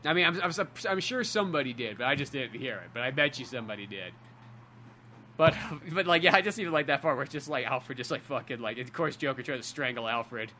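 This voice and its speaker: A man's voice: mid-range voice, expressive, fast talker, sharp tone, slight background noise. A man co-hosting a casual podcast chat, who swears freely and stammers through restarts.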